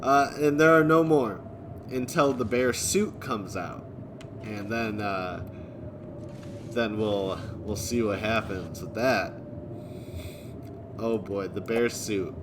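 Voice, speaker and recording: Slow-talking laid-back male streamer. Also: fairly low pitch, noisy background. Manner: laid-back, chuckling often, thanking viewers. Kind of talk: live stream chat reading viewer messages.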